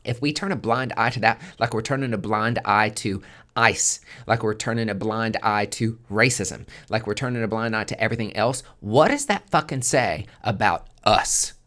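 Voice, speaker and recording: A man's voice: fairly low pitch, normal speed, pushed and bright. A man hosting a monthly tarot forecast in a casual spoken monologue, swearing constantly and driving his points home with emphatic repetition.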